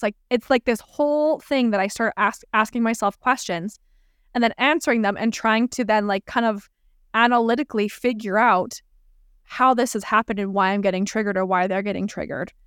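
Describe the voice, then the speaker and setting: A woman's voice: a little high, clean tone, dry recording, clean studio sound. A woman talking reflectively in a casual podcast conversation, using lots of filler words.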